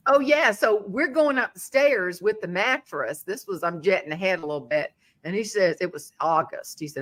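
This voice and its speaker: A woman's voice: mid-range voice, a little fast, hardly any pauses. A middle-aged woman with a Southern American accent, telling a funny story in a casual chat and acting out the voices of the people in it. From Southern United States. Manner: animated, acts out quoted voices. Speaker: humorist guest.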